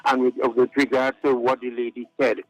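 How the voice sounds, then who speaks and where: A man's voice: mid-range voice, flat delivery, a little fast, no room sound, rough recording. A man calling in to a radio talk show, giving his opinion earnestly and stressing his points by repeating words. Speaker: radio call-in caller. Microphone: phone line to radio studio.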